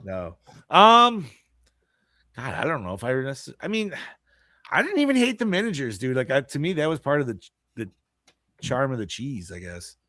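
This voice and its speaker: A man's voice: medium pitch, wildly swooping pitch, moderate pace, long pauses, bright, forceful tone, no echo, clean studio sound. A man hosting a casual podcast, steering the segments and swearing freely. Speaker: podcast host.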